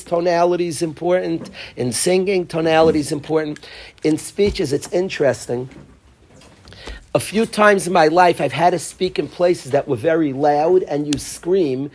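A husky-voiced man leads a class, explaining a text in English dotted with Hebrew phrases. His delivery is animated, dropping low and then rising loud as he builds the story. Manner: animated storytelling with swings between soft and loud. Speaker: Torah teacher. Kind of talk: teaching a class.

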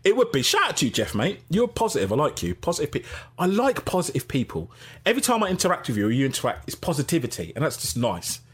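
A man's voice: on the high side, huge pitch swings, fast, breathy edge. Chatty man hosting a livestream. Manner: chatty, gives shout-outs, laughs easily. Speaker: podcast host reading live chat. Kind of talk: casual live-stream chat.

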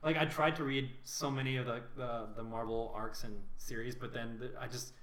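A man co-hosting a podcast in casual chat, quick and agreeable, full of fillers. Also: medium pitch, little pitch movement, a bit bright. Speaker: podcast co-host. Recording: echoey room.

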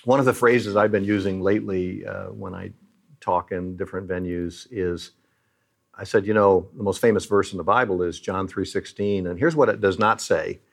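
A man's voice: low-pitched, fairly even intonation, normal speed, creaky. A middle-aged man who leads a Christian aid charity, speaking earnestly and like a preacher as he tells moving stories in an interview.

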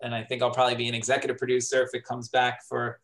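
Middle-aged New comic, storytelling in an interview, mid-pitched and animated, acts out his quotes. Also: very fast, slight background noise, rough recording. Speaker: comedian and comedy writer. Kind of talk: casual storytelling in a podcast interview.

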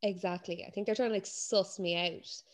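A woman in casual chat as a co-host, ranting in an animated way, swearing often and mimicking other people in high, mocking voices. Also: moderate pace.

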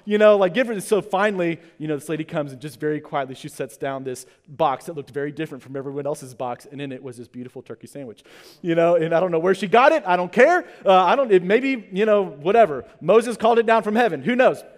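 A pastor in his thirties tells a comic personal story during his sermon, acting out the people involved with animated, quoted lines. His voice sits high and moves at a normal speed, with a long hall reverb on the recording.

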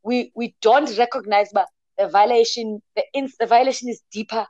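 A woman's voice: on the high side, fairly even intonation, normal speed, darkish tone, dry recording, highs cut off. A woman talking passionately and emphatically in a casual discussion, speaking as an advocate for emotional health. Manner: passionate and emphatic, mixes in local words.

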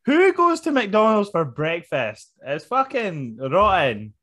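A man's voice: high-pitched, big pitch swings, slow, a bit bright. A Scottish man co-hosting a podcast, bantering casually, laughing often and swearing freely. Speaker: podcast co-host.

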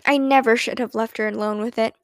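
A woman's voice: fairly high pitch, steady tone, fairly quick, no room sound, studio quality, lightly acted. A woman voicing a sensible, good-humored mother in a storybook reading. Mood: fond.

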